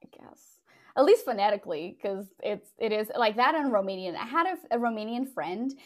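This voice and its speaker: A woman who is a native Portuguese speaker, chatting as a podcast guest in an animated way, often saying like. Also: mid-range voice, moderate pace. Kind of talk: casual conversation.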